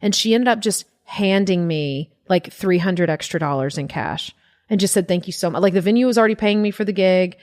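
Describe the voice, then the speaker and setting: A young adult woman comedian, telling a story in casual talk, animated, swearing and acting out the voices of people she quotes. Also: fairly low pitch, a little fast. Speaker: guest comedian.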